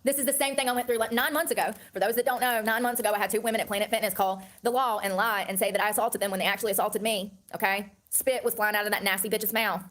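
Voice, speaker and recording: A woman's voice: mid-range voice, steady tone, quick pace, few pauses, fairly bright tone. A woman in her thirties ranting to camera in a heated, profane, repetitive way. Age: 30s. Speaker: online personality.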